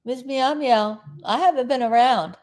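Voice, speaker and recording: A middle-aged woman talks in a slow, unhurried way, drifting from one thought to the next. Her voice sits a little high, and she fills the gaps as she chats to her viewers on a casual stream. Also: darkish tone. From South Florida. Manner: chatty, meandering, loses her train of thought. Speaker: live-stream host. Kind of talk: rambling casual live-stream chat.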